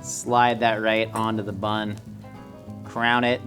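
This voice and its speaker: A man hosting a cooking show, joking and teasing in a deadpan way. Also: medium pitch, slow. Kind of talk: comic cooking show banter. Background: faint music, sizzling pan.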